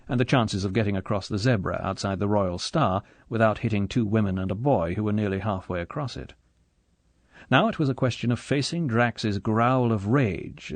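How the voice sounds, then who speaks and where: A man's voice: fairly low pitch, darkish tone, no echo. Man narrating an audiobook. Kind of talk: scripted narration.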